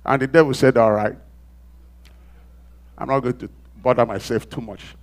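A man preaching a sermon, dramatically acting out quoted voices and swinging from loud exclamations to hushed asides. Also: mid-range voice, steady tone, moderate pace.

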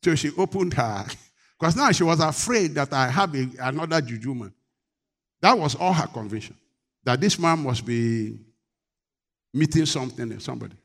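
A middle-aged man preaching a sermon, moving from quiet talk to loud rebuke. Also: a little high, expressive, moderate pace, pauses often. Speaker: pastor.

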